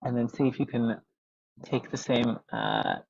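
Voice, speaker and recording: A man's voice: medium pitch, wildly swooping pitch, unhurried, gravelly, darkish tone, breathy edge, no room sound. A man, a vocal coach, explaining technique methodically over a video call with many ums. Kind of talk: webinar teaching. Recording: dull lo-fi video call audio.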